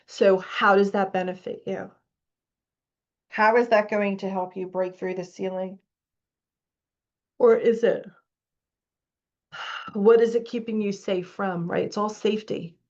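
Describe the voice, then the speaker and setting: A woman's voice: medium pitch, fairly even intonation, a little slow, pauses often, darkish tone, lo-fi sound. A woman as a spiritual coach leading a live online masterclass, reading out participants' comments and urging them on emphatically.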